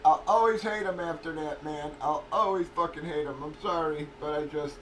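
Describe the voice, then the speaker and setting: Profane, rambling livestream host, higher voice. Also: male voice, normal speed, a bit bright, far from the mic, poor audio. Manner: profane, rambling, laughs often. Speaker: livestream host of card breaks. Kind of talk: casual livestream chat. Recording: voice a bit off-mic with faint noise.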